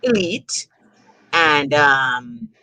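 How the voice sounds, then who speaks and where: Low-voiced woman host, rambling interview talk. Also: animated, drawn-out words, sharp tone, dry recording, rough recording. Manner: rambling, leans on "you know".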